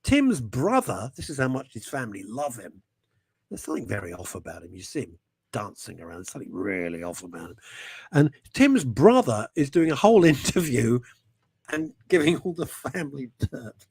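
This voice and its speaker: Gravelly, slightly rough, and mid-pitched, this man's voice comes through with no room sound. Hosting a radio talk show, he jokes around animatedly, laughs readily, and frequently trails off only to begin again.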